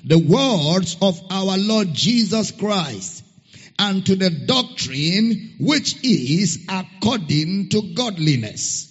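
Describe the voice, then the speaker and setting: A man preaching a sermon, reading scripture slowly and emphatically and repeating key phrases. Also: sits high, expressive, slightly rough. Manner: spells out a Greek word letter by letter. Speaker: pastor. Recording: muffled sound with long hall reverb.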